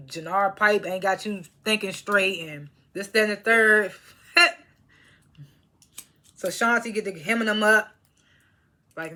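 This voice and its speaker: A woman's voice: medium pitch, bright, forceful tone. A young woman recapping a TV episode in a casual monologue, laughing often and stringing thoughts together with fillers while she chews snacks. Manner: talks while chewing snacks. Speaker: TV episode reviewer.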